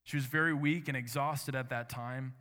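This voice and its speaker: Pastor, male, mid-pitched, earnest sermon storytelling, long church reverb. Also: fairly even intonation, bright, forceful tone. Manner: earnest, measured storytelling with dramatic quoted lines. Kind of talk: sermon with a read-aloud story.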